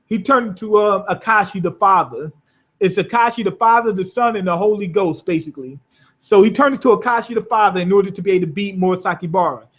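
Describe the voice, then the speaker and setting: A high-pitched, fast-talking man reviews anime, racing through an episode recap. His retelling is animated, rambling, and profane.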